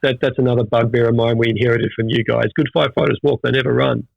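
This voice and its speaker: A middle-aged Australian man, a veteran firefighter, talking in an animated storytelling way with many restarts in a casual interview. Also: mid-range voice, fast talker, creaky, no room sound. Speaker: firefighter guest. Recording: dull dry audio.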